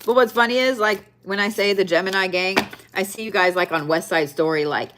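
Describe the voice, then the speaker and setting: Against a noisy background, a woman with a medium-pitched voice talks a little fast through her casual weekly zodiac cards. She's yawning and worn out, blunt in her delivery, with frequent swearing and repeated phrases for emphasis.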